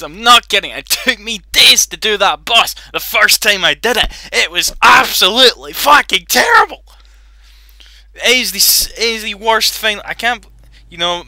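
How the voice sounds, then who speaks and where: Guy doing let's play commentary, swears a ton, kinda high voice, real sharp and bright. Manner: frustrated, swears a lot, rambling. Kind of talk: gaming commentary.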